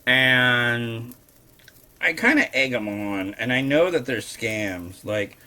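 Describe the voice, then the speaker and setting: A man's voice: mid-range voice, animated, slow, bright, forceful tone. A middle-aged man chatting casually in a rambling, wry way while cooking in his home kitchen. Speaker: host. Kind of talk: casual cooking vlog chat. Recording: noisy kitchen with clicks and crinkling.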